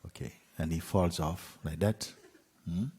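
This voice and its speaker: Husky deep-voiced male teacher, unhurried storyteller. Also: fairly even intonation, big-room sound. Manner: unhurried, with soft asides and light laughs. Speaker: spiritual teacher. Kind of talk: storytelling talk.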